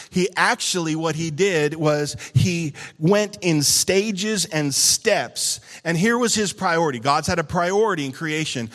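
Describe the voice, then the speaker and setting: A man pastor preaching a sermon with call-and-response, animated and acting out little scenes for the congregation. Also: on the high side. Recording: church hall reverb. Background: long hall reverb.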